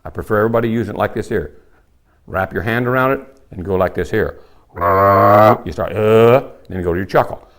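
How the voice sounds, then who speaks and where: Talking fast in a low-leaning voice, an older man walks through elk calling hands-on. He demonstrates the calls as he goes, keeping his manner folksy and plain.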